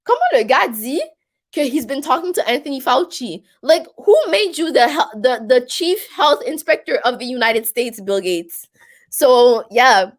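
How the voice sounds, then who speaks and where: A woman's voice: sits high, animated, normal speed. A woman with a Québécois French accent talks through a casual live stream as its host. She rambles in a chatty way, full of fillers, in a slightly raised voice. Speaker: live stream host reading viewer comments.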